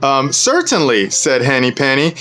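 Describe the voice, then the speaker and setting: A man's voice: fairly high pitch, normal speed, pushed and bright. A man hosting a casual show, reading a storybook aloud and breaking off for preachy asides, with "man" and "okay" in nearly every line. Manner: laid-back, peppers talk with "man" and "okay". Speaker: show host.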